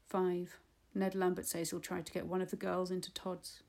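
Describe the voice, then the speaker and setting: A woman's voice: on the low side, completely flat delivery, moderate pace, vocal fry, darkish tone. A woman reading a sober male mourner. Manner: matter-of-fact. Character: sober male mourner giving family news.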